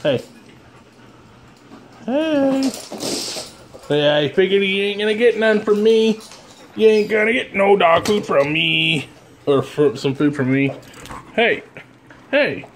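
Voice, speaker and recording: A man's voice: high voice, slow, long pauses, a little hiss or hum. A man vlogging at home who talks to his dog in a teasing, playful, coaxing way. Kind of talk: casual talk to a pet. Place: home room with dogs around.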